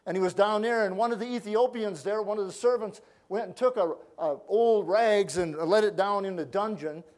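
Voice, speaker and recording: A man preaching a sermon, telling stories and acting out the quoted voices, often dropping to quiet asides. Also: high-pitched, normal speed. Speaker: pastor.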